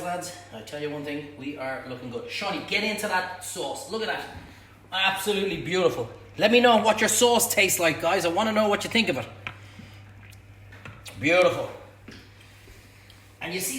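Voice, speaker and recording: A man's voice: sits high, a bit bright. A man hosting a live cook-along, chatty and blunt, bantering with viewers as he cooks. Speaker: cooking show host. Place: home kitchen. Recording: echoey kitchen, faint hum.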